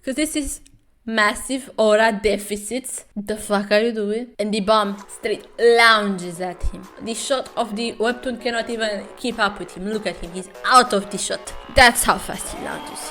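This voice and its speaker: A young woman talks through a webtoon recap in a sarcastic, foul-mouthed way. She swings between mocking asides and exaggerated dramatic readings. Faint music plays softly behind her. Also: medium pitch, a little slow. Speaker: webtoon commentary host. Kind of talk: comedic recap and commentary.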